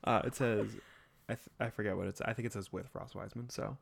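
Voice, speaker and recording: A man's voice: on the low side, fairly even intonation, fast talker, vocal fry, slightly rough. A man hosting a podcast, chatting casually and teasingly about a movie. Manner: joking, teasing. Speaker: podcast host.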